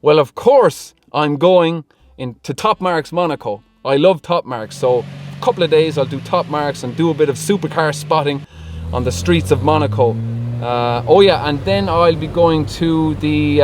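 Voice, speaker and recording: A man's voice: fairly high pitch, a little slow, a little hiss or hum. A man answering viewer questions in a casual vlog, chatty and laughing often between remarks. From Ireland. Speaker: car vlogger. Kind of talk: casual Q&A vlog, reading comments.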